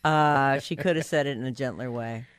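A woman's voice: extremely low pitch, normal speed, clean tone, no echo. A woman co-hosting a radio show, making sarcastic wisecracks during casual chat.

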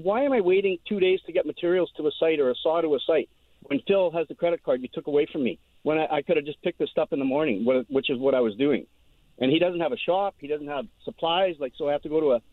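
A caller on a dry, tinny phone line tells his story in a rushed ramble. His voice sits fairly high for a man, and he races along, repeating words as he goes. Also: dry recording.

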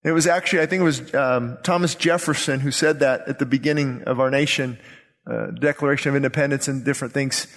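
A man's voice: medium pitch, fairly even intonation, fast talker, a bit bright. A male pastor preaching a sermon with urgent, impassioned delivery and repeated phrases. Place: church sanctuary. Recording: long reverb of a church hall.

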